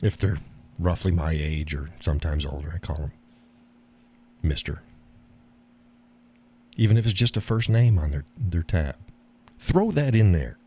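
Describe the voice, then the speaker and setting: A man's voice: deep voice, lively intonation, a little slow, long pauses, dark tone, a little hiss or hum. A middle-aged man hosting a live stream, talking bluntly with profanity and frequent laughter. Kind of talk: casual monologue. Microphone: audio call or stream mic.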